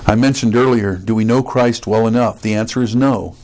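A man's voice: fairly low pitch, fairly even intonation, fairly quick, a little mellow, poor audio. A man preaching an expository sermon, stressing key words and putting questions to his listeners.

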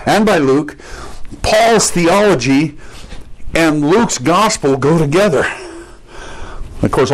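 A man's voice: on the high side, poor audio. A man preaching an expository sermon, stressing key words and putting questions to his listeners.

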